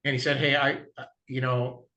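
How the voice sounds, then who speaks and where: Bright-voiced man telling a story. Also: mid-range voice, flat delivery, fairly quick, lo-fi sound. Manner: acts out dialogue in anecdotes, clears throat often. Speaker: guest, diamond dealer. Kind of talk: casual interview storytelling.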